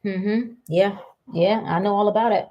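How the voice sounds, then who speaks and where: A woman giving a casual spiritual pep talk, animated and teasing, laughing often and firing rhetorical questions. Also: medium pitch, moderate pace, lo-fi sound.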